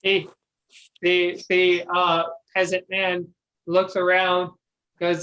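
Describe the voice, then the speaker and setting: A woman narrating a tabletop game as game master in a relaxed, unhurried way. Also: on the low side, dull audio.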